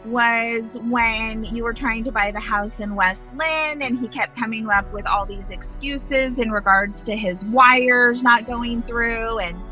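A woman gives interview commentary slowly and deliberately, leaning on her points with emphasis. Her voice is bright and slightly high, with faint music underneath. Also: fairly even intonation, low-quality recording. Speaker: friend giving commentary.

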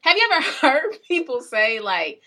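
A young adult woman co-hosting a podcast, arguing in casual chat with an animated, insistent manner and frequent laughs. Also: high-pitched, normal speed. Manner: animated, argumentative, laughs often. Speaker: podcast co-host.

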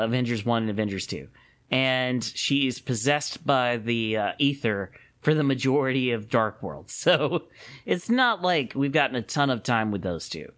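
Man, podcast co-host, casual chat, animated, laughs easily, mid pitch. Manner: animated, quick to laugh, lots of restarts.

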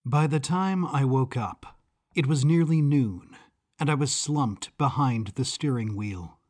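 A man giving scripted first-person narration of a suspense story in a measured, suspenseful manner. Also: mid-range voice, a little mellow.

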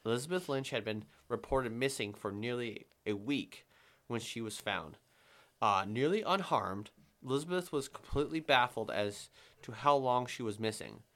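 A man, co-hosting a casual podcast, talking fast with casual swearing and reading stories aloud. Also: mid-range voice, animated, fairly bright tone. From New England. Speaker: podcast co-host.

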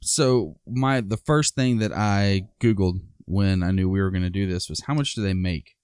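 A man's voice: sits low, normal speed, darkish tone, clear, resonant tone, no room sound, studio quality. A married man co-hosting a podcast in casual chat, blunt and opinionated, swearing freely. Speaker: podcast co-host.

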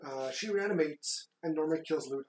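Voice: medium pitch, fairly quick, darkish tone. A co-host plainly summarizing a movie plot in casual chat, with fillers and restarts. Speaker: podcast co-host. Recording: roomy echo.

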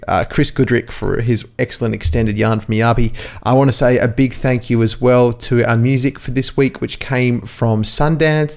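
A man's voice: medium pitch, gravelly, darkish tone. A man hosting a cricket podcast, chatty and jokey, talking straight to his listeners. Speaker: podcast host. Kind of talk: casual podcast sign-off.

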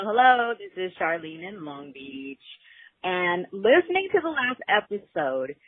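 A woman's voice: mid-range voice, husky, no echo. Chatty woman on a tinny phone line. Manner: chatty, rambling, nostalgic. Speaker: caller. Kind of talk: voicemail message.

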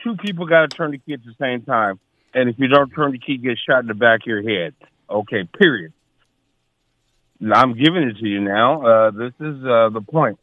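A man in his sixties calling in to a radio talk show, halting and full of filler sounds. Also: medium pitch, dry recording. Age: 60s. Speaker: caller. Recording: tinny phone line.

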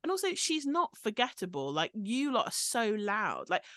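A woman's voice: medium pitch, normal speed, no room sound. Chatty woman, dry close sound. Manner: chatty, animated, quotes people in mock voices. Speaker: podcast co-host. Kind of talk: casual chat about reality TV.

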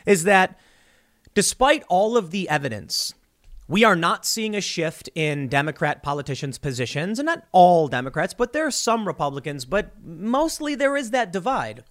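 Animated talkative male commentator. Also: high voice, normal speed. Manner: animated, self-interrupting, mocking quoted voices. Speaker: political commentary host. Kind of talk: solo political commentary.

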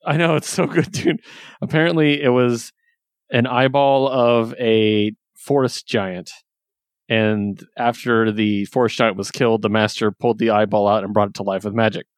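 A man casually recapping a story, chatty and laughing often, quoting characters in quick voices. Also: fairly low pitch, fairly even intonation, no room sound, studio quality. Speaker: comic book reviewer. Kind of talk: casual chat.

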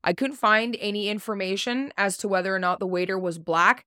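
A woman's voice: mid-range voice, steady tone, a little fast, bright, forceful tone, dry recording, clean studio sound. A woman hosting a podcast, reading a prepared story segment in a blunt way, swearing casually and stumbling over unfamiliar names. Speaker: podcast host.

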